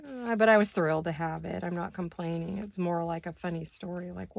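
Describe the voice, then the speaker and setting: An older woman who is hoarse today, chatting casually while she crafts in her home studio and thinking aloud in wandering asides. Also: fairly low pitch, brisk. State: hoarse, deep voice. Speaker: craft vlogger.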